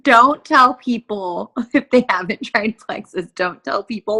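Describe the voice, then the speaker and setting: A woman chatting and laughing on a video call, with drawn-out exclamations. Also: mid-range voice, vocal fry, bright, forceful tone, slightly rough. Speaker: team member on a video call. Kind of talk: casual chat. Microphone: video call from home.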